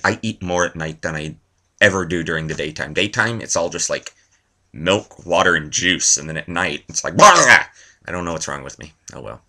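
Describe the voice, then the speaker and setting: A man's voice: low voice, sharp tone. A man vlogging a rambling comedy monologue, tossing out one-liners and self-mocking asides.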